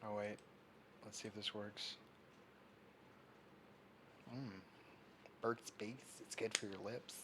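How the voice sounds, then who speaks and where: A young man hosts a livestream, talking in a loose, rambling way as he reads out viewer comments and fiddles with his setup. His voice sits on the low side. There is faint background noise around him. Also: flat delivery, takes it slowly, long pauses. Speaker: livestream host. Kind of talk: casual livestream chat.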